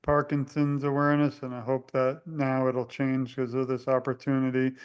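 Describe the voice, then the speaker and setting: A young man hosting a casual interview, rambling and halting with many fillers. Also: medium pitch, completely flat delivery, clean tone, lo-fi sound. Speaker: host.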